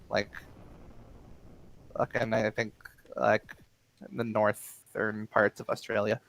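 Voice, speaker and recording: A man's voice: lowish voice, completely flat delivery, slow, creaky, pauses often, a bit bright, no echo, rough recording. A man chatting jokily while playing a game, stammering through restarts and giggling often. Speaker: let's play co-host. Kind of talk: casual chat over gameplay.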